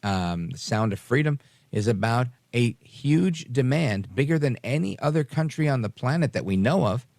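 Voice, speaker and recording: A man's voice: medium pitch, animated, normal speed, a little mellow, dry recording. A man hosting a call-in radio talk show, earnest and rambling as he answers a caller. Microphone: studio mic.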